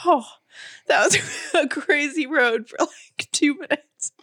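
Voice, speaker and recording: A woman's voice: high voice, slow, pushed and bright, no room sound, clean studio sound. A woman co-hosting a casual podcast, overcome with laughter and tears as she talks. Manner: bursting into helpless laughter and tears. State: crying with laughter. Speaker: podcast co-host. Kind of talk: casual chat.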